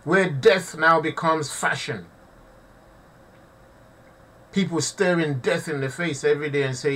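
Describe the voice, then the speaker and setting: A man's voice: fairly high pitch, a little slow, pauses often, a bit bright, recorded from a distance. A man giving impassioned live commentary to his audience, preaching and repeating himself, often calling listeners family. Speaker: online preacher.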